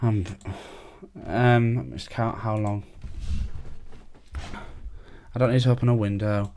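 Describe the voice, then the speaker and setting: A man's voice: on the low side, flat delivery, normal speed, darkish tone, clean tone. A young man, talking casually and at length as a podcast host, swearing freely and laughing often.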